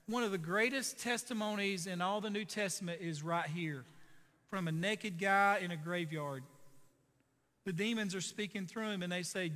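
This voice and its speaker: Man, pastor, sermon, emphatic, high voice, long hall reverb. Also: moderate pace, sharp tone. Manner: emphatic, repetitive preaching.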